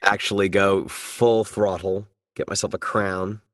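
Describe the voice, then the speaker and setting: A man with a very deep, low voice, talking as a voice actor guest in a relaxed interview. He muses thoughtfully and drops playful, self-deprecating jokes. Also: a little slow. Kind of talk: casual interview chat.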